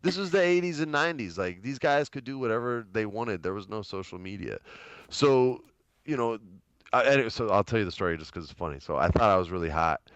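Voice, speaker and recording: A man in his late thirties from New Mexico telling an animated story in a casual interview. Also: fairly low pitch, brisk, clean tone, no echo, dull audio. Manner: animated, chatty, uses lots of fillers. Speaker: guest, actor.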